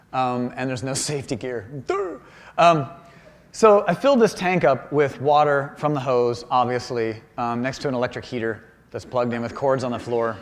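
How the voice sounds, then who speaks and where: A man giving a humorous public talk about his paintings in a university auditorium, animated and self-deprecating. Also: medium pitch, in a large hall. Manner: animated and self-deprecating, acts out quoted voices. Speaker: visiting artist giving a lecture.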